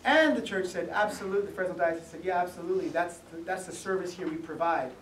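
A middle-aged man giving an author talk at a museum, speaking conversationally with gentle humor and some restarts. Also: high voice, fast talker, a little hiss or hum. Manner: conversational, self-deprecating humor, frequent restarts. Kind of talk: public talk with slides. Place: museum event room. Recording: echoey room, mic at a distance.

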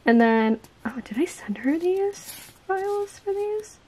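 Gushing young woman with a high voice. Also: a little slow, a little hiss or hum, poor audio. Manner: gushing, excitable, drifts into soft whispers. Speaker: planner vlogger. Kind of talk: casual unboxing chat.

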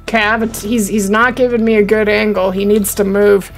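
A young woman live-streaming a hunting game, chatting with her viewers and getting excitable. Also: mid-range voice, brisk, faint music behind. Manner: excitable, chatty, talking to chat. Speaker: gaming streamer.

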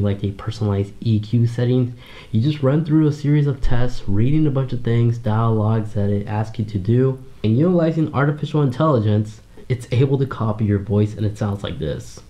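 A man's voice: mid-range voice, moderate pace, dark tone. A man casually explaining phone tips in a chatty voice-over. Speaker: tech YouTuber.

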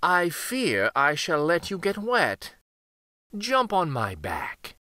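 Sly storybook fox, read by a man, slow and coaxing, bright tone. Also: on the high side, huge pitch swings, dry recording, exaggerated voice. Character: sly smooth-talking adult male fox.

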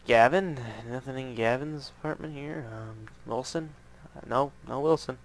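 A man's voice: medium pitch, normal speed, a little hiss or hum. A man casually commenting as he plays through an adventure map, joking and reading signs aloud. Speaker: gaming channel host.

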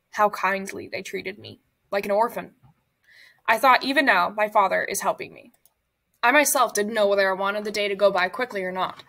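A woman reading a memoir aloud in a measured, somber way. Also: mid-range voice, fairly bright tone. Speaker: reader.

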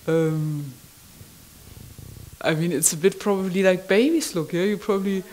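A woman recalling a personal experience in conversation, halting and marvelling, often ending phrases with a questioning "yeah?". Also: fairly low pitch, darkish tone, low-quality recording. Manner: wondering, marvelling delivery. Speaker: community member sharing an experience.

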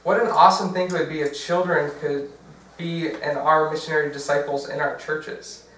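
A man's voice: fairly high pitch, steady tone, normal speed, a bit bright. A young man giving a casual workshop talk, chatty, with fillers and self-corrections. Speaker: diocesan workshop presenter. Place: large church hall. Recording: very echoey, from far off.

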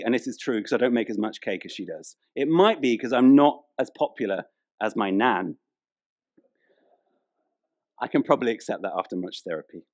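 A man, preaching a humorous, chatty sermon in a church. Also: medium pitch. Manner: humorous storytelling, chatty, playful with the congregation. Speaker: pastor.

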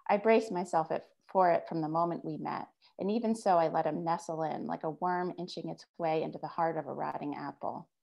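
A woman author reads her own fiction aloud, steady and measured. Her voice sits on the low side, with a gravelly fry at the ends of phrases. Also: highs cut off. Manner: measured first-person reading.

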